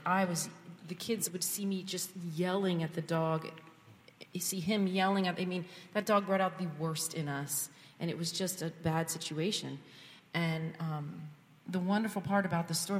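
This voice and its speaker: A woman speaking at church, giving a candid personal testimony that builds to fervent prayer. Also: fairly low pitch. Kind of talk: sermon testimony. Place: church sanctuary. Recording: long reverb of a church hall.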